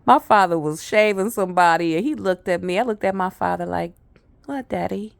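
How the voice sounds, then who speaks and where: A woman telling a personal story in a casual, animated way, often repeating phrases for effect. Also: lowish voice, a little fast, vocal fry, smooth, no echo. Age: adult.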